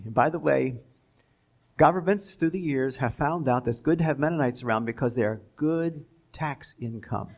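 Gravelly man giving a history lecture. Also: a little high, animated. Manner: deliberate, pauses for asides and reads quotations. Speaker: guest lecturer. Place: school lecture.

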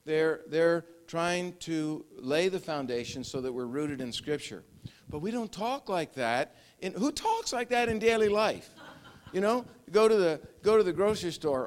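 Older male pastor with a rather high voice; conversational sermon, frequent restarts and small chuckles. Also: animated, measured pace. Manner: conversational, repeats words, chuckles.

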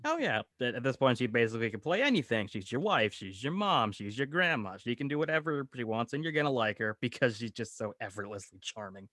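A man with a bright, forceful tone talks through a TV series in loose casual chat, and his pitch leaps up whenever he gets excited. The sound is dry and close, with no room around it. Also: a little fast, few pauses, no room sound. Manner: animated, jumping pitch when excited.

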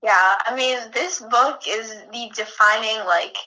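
A woman's voice: a little high, a little slow, pushed and bright. A young woman co-hosting a casual book podcast, eagerly chiming in and echoing her friend. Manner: eager, chimes in and echoes her co-host. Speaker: podcast co-host.

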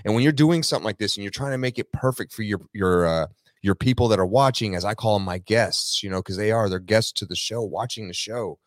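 A man's voice: on the low side, fairly quick, dry recording. A man appearing as a podcast guest who talks in an upbeat, motivational way. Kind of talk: casual podcast chat.

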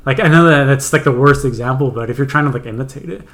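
A man's voice: mid-range voice, fast, a bit bright. Chatty young man. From Canada. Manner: chatty storyteller, many fillers. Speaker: podcast co-host. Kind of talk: casual chat.

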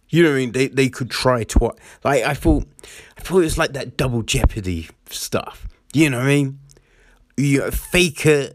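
A man's voice: medium pitch, dry recording, clean studio sound. A man ranting about the news in a casual, sarcastic and profane way, often asking "right?". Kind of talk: casual commentary rant.

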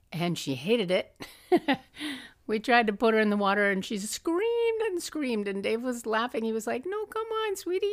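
A woman's voice: mid-range voice, no echo, studio quality. A middle-aged woman hosting a podcast, telling personal family stories in a chatty way, laughing often and acting out quotes. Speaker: podcast host. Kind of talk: personal storytelling.

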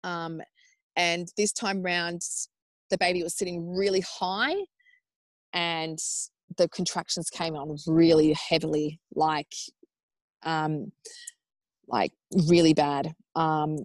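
An Australian woman in her thirties, a podcast guest telling a personal story in a casual, animated way, acting out what people said. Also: low-pitched, takes it slowly, dry recording. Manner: animated, acts out quoted speech in raised voices; chatty with frequent fillers like "like" and "um".

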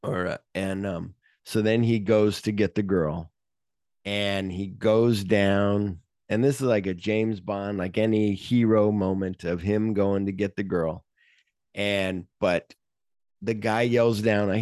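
A man hosting a casual film podcast, chatting about a movie and animatedly retelling its scenes. His voice sits a little low, and the recording is dry and close, with no room sound. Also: steady tone, slow, darkish tone, no room sound. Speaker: podcast co-host.

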